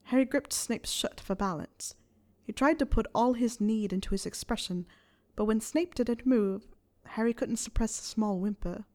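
A woman reading fan fiction aloud in a soft, steady storytelling voice. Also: on the high side, normal speed. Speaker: reader.

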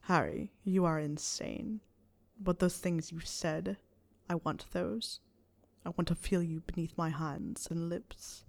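A woman voicing a stern older male wizard professor, speaking low, hushed and measured. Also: fairly even intonation, gravelly. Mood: low intent.

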